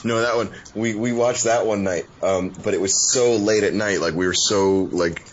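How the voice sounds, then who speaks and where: A man's voice: lowish voice, steady tone, normal speed, slight background noise. A man chatting casually on a podcast, telling rambling stories. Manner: rambling storyteller. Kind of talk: casual chat. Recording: dull audio with chatter behind.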